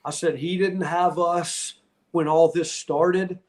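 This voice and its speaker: A middle-aged man talks as a podcast guest, his voice sitting a touch higher than most men's. He tells stories candidly and from the heart. He rambles and restarts his sentences often. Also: steady tone, takes it slowly. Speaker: podcast guest, retired wrestler. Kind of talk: casual interview storytelling.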